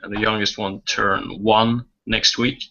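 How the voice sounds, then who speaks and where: A young father chatting on a video call, slow and halting. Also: on the low side, flat delivery, pushed and bright. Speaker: father of toddlers. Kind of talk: casual chat. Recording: dull lo-fi call audio.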